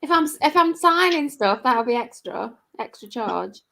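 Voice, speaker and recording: A woman's voice: a little high, lively intonation, normal speed, vocal fry, bright, forceful tone. Cheeky woman joking on a call. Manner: cheeky, joking, swears casually. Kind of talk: casual chat on a video call. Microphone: video call.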